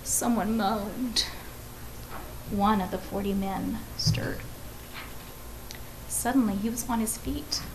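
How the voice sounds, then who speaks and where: A woman's voice: medium pitch, slow pace, long pauses, noisy background. A woman reading a story aloud to children, with friendly conversational asides and questions to her listeners.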